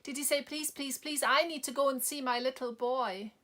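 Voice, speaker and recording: A woman voicing her upset three-year-old son, pleading in a high childlike voice. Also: fairly even intonation, normal speed, fairly bright tone. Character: small boy, three years old, upset.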